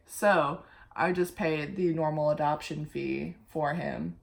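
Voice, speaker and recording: A woman's voice: sits low, fairly even intonation, a little slow, vocal fry. A young woman telling a rambling, chatty story while getting ready on her vlog. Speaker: vlogger. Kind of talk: get-ready-with-me story time.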